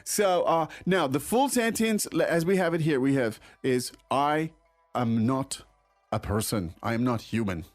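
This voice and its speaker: A man hosts a casual language lesson in a mid-range voice. He explains slowly and loosely, with fillers and restarts. Soft music plays faintly behind him. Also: mid-range voice, expressive. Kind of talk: casual teaching chat.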